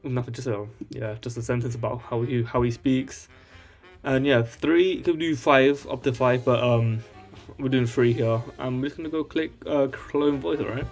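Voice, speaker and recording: Guy doing a laid back tech walkthrough, keeps saying alright?, mid pitch voice. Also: fairly even intonation, normal speed, creaky, darkish tone, soft background music. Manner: rambling, tags lines with "alright?". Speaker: tech tutorial host. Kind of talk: casual screen-share tutorial.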